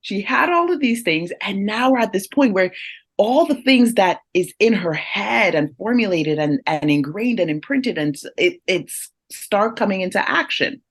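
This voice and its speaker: This is a woman guest on a parenting interview, speaking at a middle pitch. She tells a family story with a lively voice that rises and falls a lot. She laughs often and keeps talking straight to the listeners. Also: normal speed, slightly rough. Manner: animated, laughs often while telling stories; addresses listeners directly. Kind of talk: conversational storytelling.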